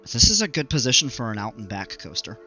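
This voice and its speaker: A man giving casual commentary while playing a building game, thinking aloud with fillers, his voice a little hoarse. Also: mid-range voice, sing-song, quick pace, pushed and bright, dull audio, faint music behind. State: slightly hoarse, regaining voice. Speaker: gaming video creator.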